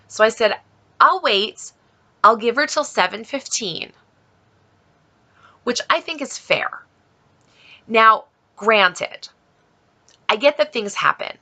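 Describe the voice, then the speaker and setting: A woman vlogger telling a story in a lively way, acting out both sides of a conversation with an exasperated edge. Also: medium pitch. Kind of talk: storytelling vlog.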